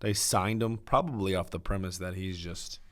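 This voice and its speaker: A man co-hosting a podcast, recapping fights in a relaxed, casual way and talking in long runs. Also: low voice, moderate pace. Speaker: podcast co-host. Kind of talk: casual chat.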